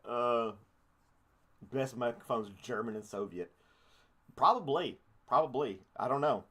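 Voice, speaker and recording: A man's voice: mid-range voice, lively intonation, a little slow, bright, forceful tone. Rambling, joking man hosting a podcast. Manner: rambling, jokey, crude asides. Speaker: podcast host. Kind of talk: casual live-stream chat.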